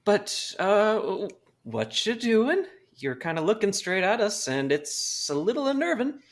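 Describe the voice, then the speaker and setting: A man role-playing his character at a tabletop game, friendly and eager to chat. His voice swings up and down a lot, lively and expressive, as he talks at a steady pace. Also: sits high, measured pace. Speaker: player.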